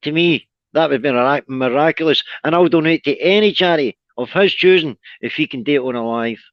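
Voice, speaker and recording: A man's voice: fairly high pitch, brisk, no echo. A Scottish man on a live stream, teasing the host and laughing often in casual banter. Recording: dry lo-fi stream audio.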